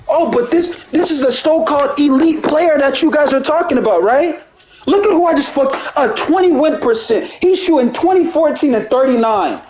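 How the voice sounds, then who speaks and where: In a low-quality recording from an echoey room with slight background noise, a gaming YouTuber vents to viewers in a heated gameplay rant. His voice is very high-pitched and a little mellow, and he curses, repeats himself, and closes lines with "bro."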